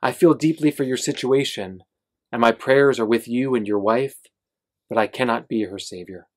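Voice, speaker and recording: A man reading aloud as a young priest who refuses gently but firmly, at a bookstore reading. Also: mid-range voice, normal speed, close to an everyday voice. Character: young male priest, compassionate but firm.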